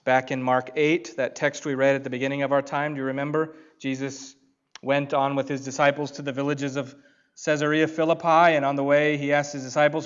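Man preaching a slow, emphatic sermon. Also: medium pitch, level tone, clear, resonant tone, highs cut off. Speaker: pastor.

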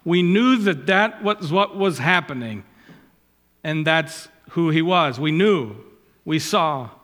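A man preaching a sermon, swelling loud and high when he quotes Scripture and dropping low and quiet on asides. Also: expressive, takes it slowly. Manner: rises in pitch and volume when quoting Scripture, drops low on asides. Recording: long hall reverb.

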